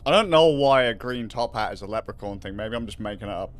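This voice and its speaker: A man's voice: on the low side, lively intonation, quick pace. A man hosting a livestream in casual, rambling chat, swearing freely and laughing often. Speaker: livestream host.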